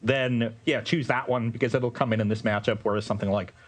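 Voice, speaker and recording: Man, mid-pitched voice, laid-back stream co-host explaining plays. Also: fairly even intonation, fast. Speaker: commentator. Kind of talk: casual live-stream chat.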